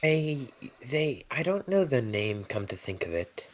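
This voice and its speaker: A man's voice: medium pitch, very animated, a little slow, a crowd in the background, poor audio. A man playing in an online tabletop game, talking in a hesitant, stammering way. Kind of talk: casual game chat.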